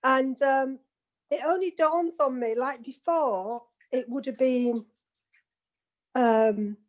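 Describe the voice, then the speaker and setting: A woman's voice: high-pitched, slow, lo-fi sound. A woman from England chatting on an online meeting call, a giggly storyteller. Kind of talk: casual video call chat. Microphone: video call.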